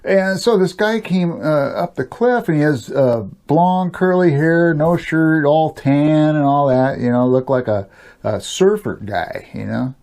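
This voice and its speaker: An older man telling a long personal story in a loose, rambling way, chuckling often and filling pauses with "you know.". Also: a little high, a little mellow. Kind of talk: casual spoken storytelling.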